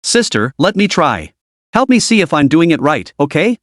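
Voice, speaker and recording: A man reading a soft-spoken pleading young man. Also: a little high, big pitch swings, normal speed, no echo, clean studio sound. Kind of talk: scripted recap narration.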